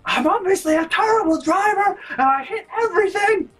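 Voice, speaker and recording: A man voicing a hot-tempered adult woman who screams in a high, strained shriek. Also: lively intonation, brisk, a bit bright, distant mic, soft background music. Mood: furious shrieking.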